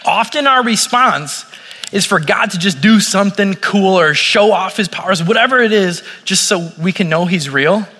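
Bright high-voiced man preaching casually. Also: lively intonation, normal speed, long reverb tail. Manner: casual, conversational preaching with acted quotes. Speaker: pastor. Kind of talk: sermon. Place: room with audience.

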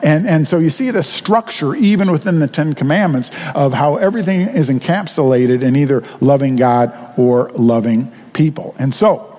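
A pastor preaching a sermon in an earnest, conversational way, asking rhetorical questions of the congregation. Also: male voice, on the high side, normal speed, hardly any pauses, mellow, big-room sound.

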